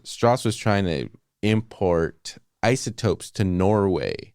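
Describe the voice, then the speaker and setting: A man co-hosting a movie podcast, retelling film scenes in a casual, profane, animated way. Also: fairly low pitch, slow pace, clear, resonant tone, no room sound, clean studio sound. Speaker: podcast co-host.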